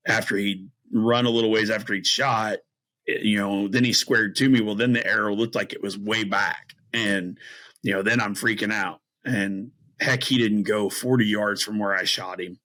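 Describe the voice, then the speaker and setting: A man's voice: lowish voice, steady tone, moderate pace, pushed and bright, low-quality recording. A middle-aged man, a guest on a podcast, telling a story casually and animatedly, acting out his own reactions between many fillers. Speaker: podcast guest, bowhunter and string maker.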